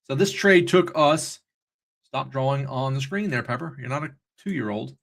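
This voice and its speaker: A man's voice: mid-range voice, lively intonation, moderate pace, gravelly, a bit bright. A man hosting a live trading stream, chatty and upbeat, easily sidetracked as he talks through charts. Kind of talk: casual live-stream commentary.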